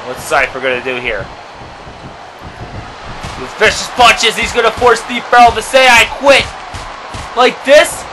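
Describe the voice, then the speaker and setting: A man doing excitable play-by-play commentary for an amateur wrestling match, dropping to low murmurs and then shouting at big moments. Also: normal speed, pauses often, background noise.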